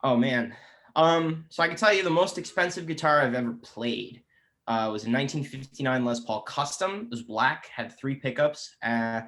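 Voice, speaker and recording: This guest musician and guitar teacher, a man in his twenties, chats eagerly and at length on a casual podcast. His voice is medium-pitched and slightly bright, and he restarts his sentences quickly and often.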